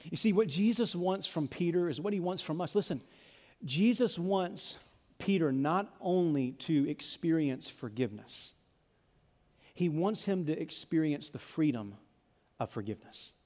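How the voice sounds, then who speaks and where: A man preaching a sermon as pastor, dramatic, swinging from loud, urgent passages to hushed ones. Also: a little high, expressive, a little slow, long reverb tail.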